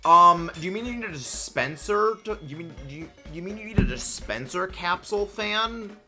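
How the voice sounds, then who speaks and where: An excitable young man hosts a livestream at his desk mic, rambling cheerfully and answering chat. His voice is bright and forward. Faint music plays behind him. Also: high voice, normal speed. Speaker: livestream host. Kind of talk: casual livestream chat, reading chat messages.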